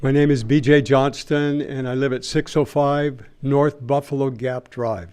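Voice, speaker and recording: A man's voice: mid-range voice, fairly even intonation, unhurried, a little mellow, clean tone. A man speaking at a city board meeting's public input, earnestly telling a Bible story and acting out its dialogue at a podium microphone. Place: city council chamber.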